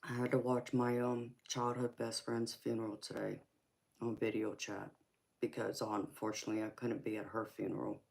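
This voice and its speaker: A woman's voice: rumbling low, little pitch movement, moderate pace, vocal fry, darkish tone, husky. A middle-aged woman with a Southern US accent, hosting a casual livestream and answering viewer comments, calling people sweetheart and honey. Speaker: tarot reader and livestream host.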